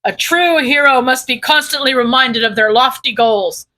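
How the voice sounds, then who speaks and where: A self-righteous villain who lectures about true heroes, as a woman reading a fan story puts him on. The voice stays bright and high. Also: moderate pace. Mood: preachy. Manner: lofty, preachy. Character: grim adult male villain, self-righteous killer.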